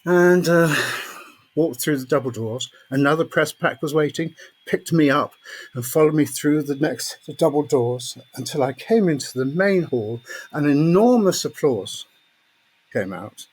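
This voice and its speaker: An older man, a podcast guest telling anecdotes in a lively way, laughing often and acting out what others said. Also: on the high side, a little slow, husky. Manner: lively raconteur, laughs often, acts out quotes. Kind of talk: anecdotal storytelling.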